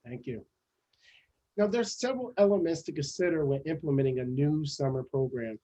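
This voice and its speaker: A man's voice: on the high side, animated, moderate pace, dark tone, rough recording. A man moderating a webinar panel, asking brief, polite questions.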